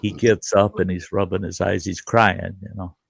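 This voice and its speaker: An older man hosting a show, telling stories in an animated, profane way and acting out the people in them. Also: low-pitched, normal speed, vocal fry, husky, no room sound. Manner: animated, profane, acts out voices. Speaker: host. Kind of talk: casual storytelling.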